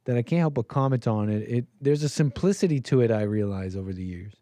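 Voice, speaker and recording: A man's voice: mid-range voice, animated, quick pace, warm tone, dry recording. A man hosting a call-in show, rambling and emphatic, often restarting his sentences. His voice sits in an ordinary middle register. It is recorded dry and close on the mic, with no room sound. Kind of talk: casual commentary monologue.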